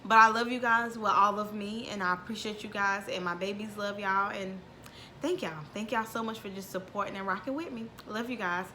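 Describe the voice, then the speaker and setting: A woman's voice: medium pitch, fairly even intonation, fairly quick, sharp tone, a little hiss or hum. A woman in her thirties chatting to her viewers from home, heartfelt and close to tears, with a lot of "y'all". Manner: heartfelt, says y'all often, near tears. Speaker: vlogger. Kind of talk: emotional casual chat to viewers.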